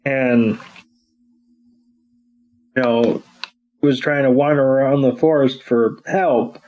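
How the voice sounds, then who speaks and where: A man with a mid-range voice walks through the plot at an unhurried pace. His telling is loose and meandering, with frequent ums and restarts. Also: medium pitch, fairly even intonation, dull audio. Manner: rambling, many ums and restarts. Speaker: podcast co-host. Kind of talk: casual episode recap.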